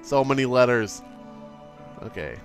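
A man doing let's play commentary, exasperated, swearing a lot and reading the game's options out loud. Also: mid-range voice, expressive, a little slow, faint music behind. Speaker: gaming YouTuber.

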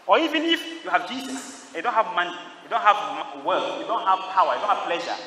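A priest delivering a homily to a young congregation, quizzing them and drawing answers back in call-and-response. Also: male voice, high-pitched, animated, fairly quick, sharp tone, slight background noise. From Ghana. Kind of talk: homily at a youth Mass. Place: large church. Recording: echoey church heard from a distance.

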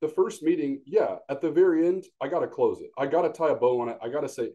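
A man's voice: fairly high pitch, quick pace, dark tone, muffled recording. A man, a sales manager talking bluntly and animatedly as a podcast guest, acting out quotes as he tells stories. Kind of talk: casual podcast conversation.

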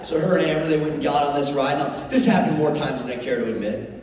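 A middle-aged man, a motivational speaker, telling a comic story to an audience in an animated, jokey way, full of "like" fillers. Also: on the high side, fast talker, a little hiss or hum. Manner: animated, jokey, many "like" fillers, lively voices for quotes. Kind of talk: comedic storytelling talk to an audience. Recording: echoey hall, mic heard from far off, faint ambience.

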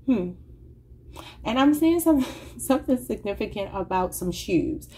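A woman's voice: on the high side, expressive, measured pace, mellow, slightly rough. A woman giving a casual tarot reading, rambling and thinking aloud in an informal, chatty way. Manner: informal, says y'all. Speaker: tarot reader.

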